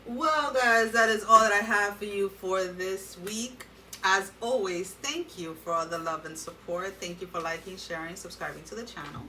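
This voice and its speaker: Bright-voiced woman giving a tarot reading. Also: mid-range voice, normal speed, far from the mic, a little hiss or hum, poor audio. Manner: earnest, addresses viewers directly with advice. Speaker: tarot reader. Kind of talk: tarot card reading to viewers.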